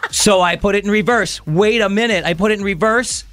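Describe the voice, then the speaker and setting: A middle-aged man, hosting a casual radio chat and telling a story with animated back-and-forth voices. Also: high voice, normal speed, no room sound, soft background music. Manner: animated storytelling, acting out both sides of an argument. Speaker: radio host.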